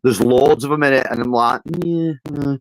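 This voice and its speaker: A man's voice: medium pitch, fairly even intonation, fast talker, no echo, rough recording. A man, chatting casually on a podcast, with a mid-range voice. He stammers and restarts a lot and swears freely. The recording is dry and close. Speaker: podcast co-host. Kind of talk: casual chat.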